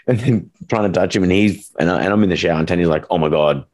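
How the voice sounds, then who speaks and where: Man, very deep voice, casual rambling chat, animated storytelling. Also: racing. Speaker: dog trainer, podcast co-host.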